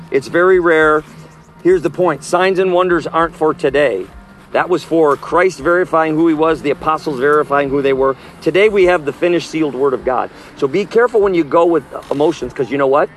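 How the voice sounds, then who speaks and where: A man preaching outdoors on a city street, emphatic and forceful, his voice climbing high when he exhorts. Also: a little fast, faint music behind.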